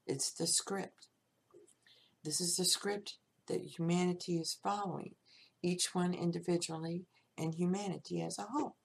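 A woman's voice: lowish voice, steady tone. A woman hosting her own podcast, talking through life lessons in a plain-spoken, reflective monologue. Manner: slow, gravelly, plain-spoken. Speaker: podcast host.

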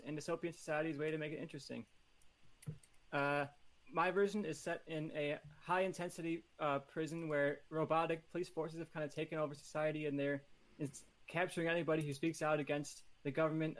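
A man pitching a movie idea on a casual podcast, playful and competitive, rambling through his ideas. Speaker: podcast panelist. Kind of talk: casual chat.

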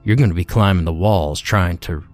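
A man's voice: deep voice, moderate pace, darkish tone, soft background music, lightly acted. A man voicing a young lieutenant who gives orders with clipped authority. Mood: commanding. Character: stern young male lieutenant, commanding.

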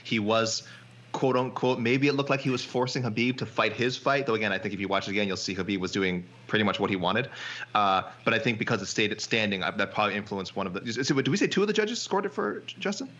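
A man co-hosting a casual MMA chat, animated and joking, often repeating himself. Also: lowish voice, fast talker, highs cut off. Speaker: MMA reporter and podcast co-host.

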